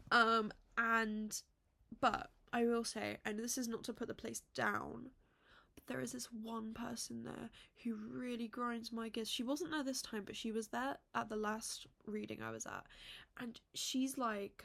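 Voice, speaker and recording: A woman's voice: a little high, fairly bright tone. A young woman from England vlogging in casual chat at home, rambling and self-deprecating with many fillers. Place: home room.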